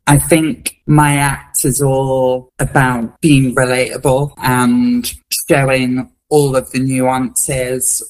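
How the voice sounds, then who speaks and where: A woman's voice: rumbling low, flat delivery, slow pace, few pauses, darkish tone, low-quality recording. A woman comedian who is a guest on a radio show, answering thoughtfully and with good humour. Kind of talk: radio interview.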